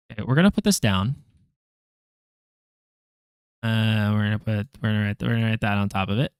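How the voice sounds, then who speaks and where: A man working through a language lesson out loud, halting, correcting himself and making wry asides. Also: fairly low pitch, clear, resonant tone, no echo, studio quality. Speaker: language learner vlogger. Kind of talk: thinking-aloud study session.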